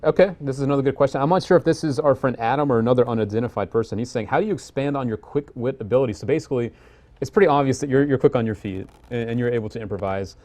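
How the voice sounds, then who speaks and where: A man's voice: medium pitch, racing, darkish tone. A man hosting a live chat show, reading viewer questions aloud and prompting his guest. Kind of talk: casual live-stream chat.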